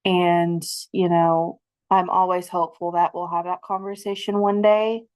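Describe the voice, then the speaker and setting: A woman's voice: lowish voice, level tone, a little slow, a little mellow. A young adult woman, the podcast host and a mother, speaking earnestly and reflectively in casual conversation.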